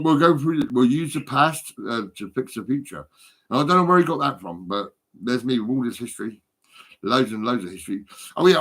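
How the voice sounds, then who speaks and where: A man talks in a loose, rambling way, stammering, repeating himself and swearing freely. His voice sits at an ordinary pitch for a man. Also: a bit bright. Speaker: storyteller talking to a friend. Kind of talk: casual rambling chat.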